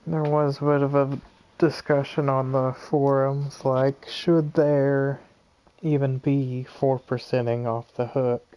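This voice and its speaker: Streaming a game, a man gives chatty commentary and complains about his luck, sounding tired and yawning. His medium-pitched voice is mellow, with a flat delivery and a measured pace.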